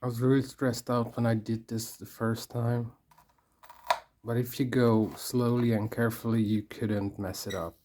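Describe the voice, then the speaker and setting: Workshop tutorial narrator, unhurried, dark and even, careful step-by-step talker. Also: mid-range voice, a little hiss or hum. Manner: slow and careful, talks to self while working. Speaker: craft tutorial maker. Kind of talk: casual hands-on tutorial.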